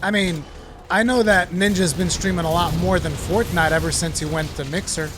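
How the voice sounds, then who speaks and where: A male game streamer with a fairly high voice rambles casually to his viewers and swears freely as he goes. Faint music plays underneath his chatter. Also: fairly even intonation, moderate pace. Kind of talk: casual live-stream chat.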